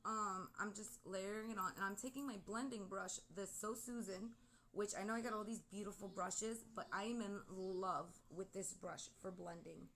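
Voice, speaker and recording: A woman's voice: medium pitch, normal speed, fairly bright tone, a little hiss or hum. A woman from Brooklyn with a New York accent touched by a slight Southern twang, chatting casually as she does her makeup at home. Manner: chatty, talks while applying makeup, drifts off topic. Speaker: beauty vlogger. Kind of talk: casual makeup tutorial chat.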